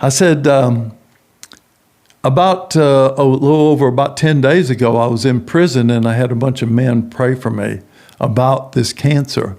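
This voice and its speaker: A middle-aged man with a gravelly, fry-edged voice tells a personal story as a podcast guest. He talks in an animated way and acts out the doctors, nurses and others he quotes. His pitch sits in the middle for a man. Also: moderate pace. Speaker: guest, prison ministry founder.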